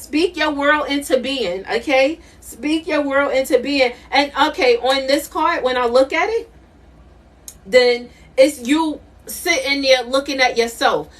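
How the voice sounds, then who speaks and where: A woman's voice: high-pitched, a bit bright, distant mic. A middle-aged woman doing a live tarot reading, emphatic and repetitive, laughing often. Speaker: intuitive tarot reader.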